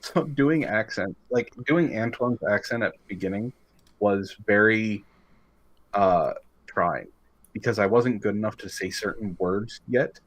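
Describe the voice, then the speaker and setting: A man from California with a lowish voice chats loosely on a podcast. He tells stories about his voice work in a candid, profane way, in no hurry to get to the point. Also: a little slow. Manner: candid, storytelling, swears freely. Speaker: voice actor guest. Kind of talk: casual podcast chat.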